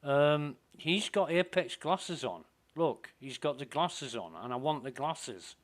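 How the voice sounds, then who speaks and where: Slow, muttering man gaming. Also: on the high side, expressive. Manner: slow, muttering to himself, self-deprecating. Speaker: streamer playing a space game. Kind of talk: casual gameplay commentary.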